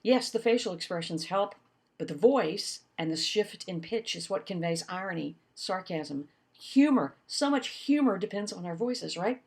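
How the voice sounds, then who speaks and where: A woman giving a recorded lecture as an instructor, animated and demonstrating points with her voice. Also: medium pitch, normal speed, vocal fry.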